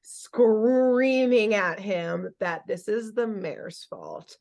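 A young adult woman hosting a podcast, recapping a cartoon episode in animated, casual storytelling full of fillers. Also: mid-range voice, drawn-out words, gravelly. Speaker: podcast host.

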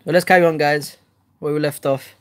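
A woman hosting a casual home unboxing vlog, chatty and excitable, who swears loudly when let down. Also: deep voice, brisk. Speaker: host.

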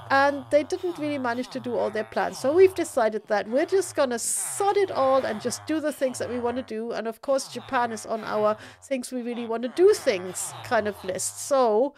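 A woman's voice: on the high side, a little mellow. A woman hosting a casual gaming stream, chatting in a rambling way with fillers and restarts. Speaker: streamer host.

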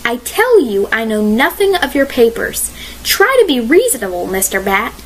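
Storybook heroine, read by a woman: calm, firm girl detective, soothing. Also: a little high, moderate pace, a little hiss or hum. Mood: steady. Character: determined young woman sleuth, calm and kind.

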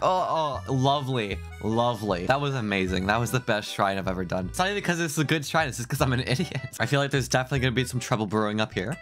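A man's voice: mid-range voice, expressive, fast talker, few pauses, a bit bright, faint music behind. A young man giving let's play commentary, self-mocking and laughing often, breaking into yelps of alarm. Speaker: gaming YouTuber.

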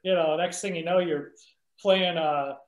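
A man's voice: on the high side, fairly even intonation, unhurried, muffled recording. A man, a musician guest, chatting casually in an interview and laughing often. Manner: laid-back, laughs often. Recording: roomy echoey sound.

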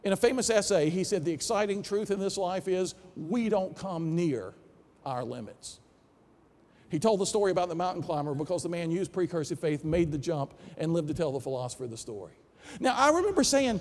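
A man's voice: sits high, brisk, big-room sound. A man with a Southern US accent, a philosophy professor giving a keynote and acting out the dialogue in his stories. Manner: animated storyteller acting out dialogue. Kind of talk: storytelling keynote speech. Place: large conference hall.

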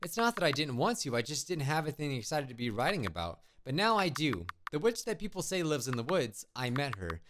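A man's voice: fairly high pitch, sing-song, a little fast, hardly any pauses, fairly bright tone, slight background noise. A man reading as a shy scarecrow boy. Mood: innocent. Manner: earnest, innocent. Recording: game music behind.

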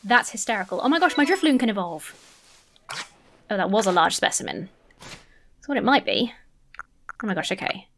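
Gushing woman with a lively voice. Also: medium pitch, moderate pace, pauses often, slight background noise. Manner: gushing, chatty, swears casually. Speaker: gaming video host. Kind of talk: casual let's-play commentary. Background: faint game music.

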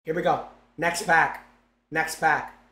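Young male streamer, casual and excitable, talks to chat a lot; roomy, slightly noisy recording. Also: fairly high pitch, slow. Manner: excitable, loud, chanting and talking to chat. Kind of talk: casual live-stream chat while opening game packs.

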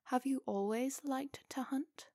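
A soft, polite and unsettling male stranger, as a woman narrator puts him on, with a faint British lilt. He speaks in a hushed, near-whispered way, unhurried and dry, close to the mic. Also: sits high, no room sound, voice pushed up. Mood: quietly probing. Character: polite, eerie well-dressed male hitchhiker.

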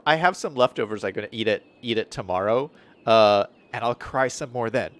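A man's voice: mid-range voice, fairly quick, fairly bright tone. A man streaming a city-building game, chatting casually and thinking aloud as he plans, often correcting himself mid-sentence. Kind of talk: casual gameplay commentary.

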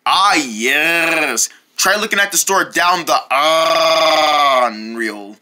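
A performer voicing a male store clerk who speaks in a low, very slow, drawn-out way in a homemade comedy skit. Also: animated, pushed and bright, full character voice. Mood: drawling.

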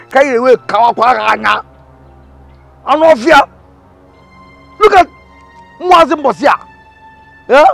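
An actor with a Nigerian accent playing a loud, arrogant village man who shouts insults and mocks. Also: very high-pitched, gravelly, exaggerated voice. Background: background music.

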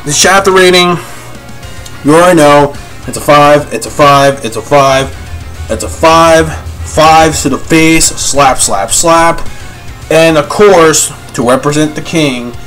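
A man reviewing a manga chapter as a live reaction, talking in an excitable, profane way and breaking into yells. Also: on the high side, takes it slowly, soft background music. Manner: excitable, profane, yelling in bursts.

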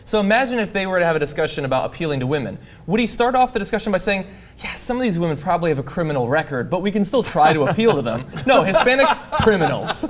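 A man on a political commentary panel, making quick, sardonic points. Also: fairly high pitch, sing-song.

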